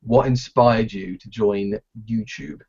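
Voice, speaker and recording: A man co-hosting a casual live podcast, talking in a halting, playful way with lots of restarts. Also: lowish voice, steady tone, darkish tone, highs cut off. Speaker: podcast co-host.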